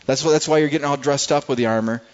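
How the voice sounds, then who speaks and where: A man's voice: a little high, very fast, dull audio. Earnest pastor, a man preaching. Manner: earnest, repeats words often while searching. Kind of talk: sermon.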